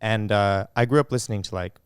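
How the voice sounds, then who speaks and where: Laid-back man in his twenties, deep. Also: fast talker, clean tone, dry recording, studio quality. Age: 20s. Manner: laid-back, laughs often, many "like" fillers. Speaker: podcast guest. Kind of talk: casual chat.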